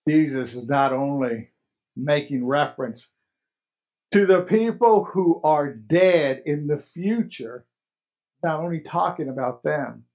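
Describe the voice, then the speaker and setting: A man preaching a sermon as pastor of a chapel, emphatic, repeating key phrases and stressing words slowly. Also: on the high side, animated, a little mellow.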